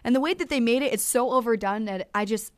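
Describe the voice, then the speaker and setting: A woman's voice: a little high, fast, smooth, dry recording. Bubbly young woman host, dry close sound. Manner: bubbly, gushing, lots of "um" and "so". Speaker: show host. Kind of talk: casual chat.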